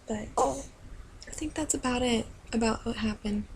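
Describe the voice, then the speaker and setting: A young woman talking casually to her camera as a new mother, soft and rambling with many pauses and restarts. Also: on the high side, a little hiss or hum, poor audio. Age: young adult.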